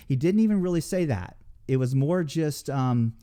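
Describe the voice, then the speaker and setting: A man's voice: mid-range voice, animated, fairly quick, warm tone. A man on a casual panel chat, ranting with heavy swearing and many restarts. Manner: profane, ranting, lots of restarts.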